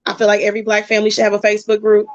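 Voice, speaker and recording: A woman guest chatting casually, telling a personal story in animated bursts. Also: medium pitch, rapid-fire, no room sound. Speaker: podcast guest. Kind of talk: casual chat. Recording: dull, dry lo-fi sound.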